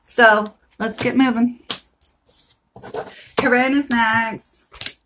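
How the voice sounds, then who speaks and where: A woman's voice: fairly high pitch, steady tone, extremely slow, fairly bright tone, slight background noise. A woman from Florida giving live tarot card readings in a brash, profane pep-talk manner.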